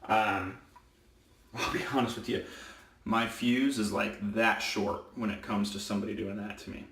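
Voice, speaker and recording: A man's voice: lowish voice, fairly even intonation, normal speed, a bit bright, distant mic. A man who works as a football referee, talking casually while shaving and getting worked up as he rants emphatically. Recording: echoey room, mic set back.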